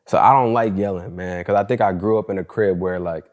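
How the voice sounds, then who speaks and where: Lowish-voiced man telling a candid story. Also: steady tone, brisk. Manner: candid, slangy storytelling, fills talk with "bro" and "like". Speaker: podcast host. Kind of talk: casual solo podcast monologue.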